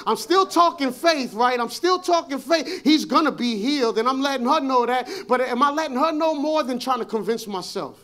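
A pastor preaching a sermon in a church on a handheld mic. He often repeats and restarts his words, and his voice swells into shouts as his passion builds. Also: extremely high pitch, expressive, normal speed. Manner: impassioned preaching, rising to shouts. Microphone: handheld microphone.

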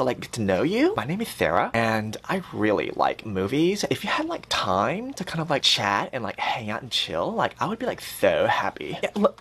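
A woman's voice: rumbling low, slightly rough, heavily acted. A woman voicing a chatty, shallow young woman who rambles with constant fillers in a comedy sketch.

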